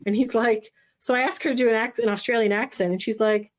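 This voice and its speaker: A woman's voice: on the high side, quick pace, a little mellow. Chatty woman rambling through a recap. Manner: rambling, filler-heavy recap. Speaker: podcast co-host. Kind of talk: casual chat.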